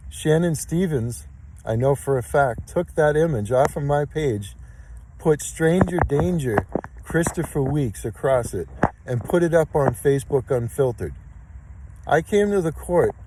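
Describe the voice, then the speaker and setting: A man's voice: on the high side, animated, measured pace, heavy background noise. A man in his fifties, speaking in an aggrieved, insistent monologue about his case and repeating his points. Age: 50s. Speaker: complainant recording his case. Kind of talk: emotional spoken monologue.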